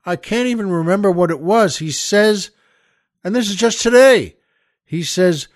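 A man's voice: high voice, animated, moderate pace, no room sound, studio quality. A man hosting a show, telling a comic story in an exasperated, rambling, incredulous way. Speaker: podcast host.

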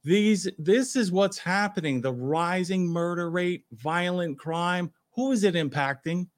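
This man's voice sits high and moves a little slowly. He's a New York-accented retired cop co-hosting a talk show, and his casual chat comes across as forceful and opinionated.

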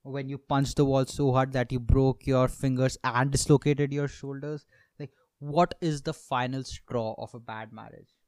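A man's voice: mid-range voice, steady tone, moderate pace, a little mellow, smooth, dry recording. A young man hosting a comedy podcast, rambling through a monologue with self-mocking asides and lots of swearing.

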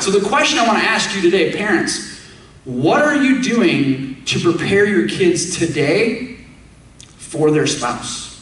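Male preacher, higher register, emphatic and questioning, recorded from a distance in a reverberant church. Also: very animated, a little slow, fairly bright tone. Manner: emphatic, asks the congregation direct questions. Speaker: pastor. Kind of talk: sermon. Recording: echoey room, speaker away from the mic.

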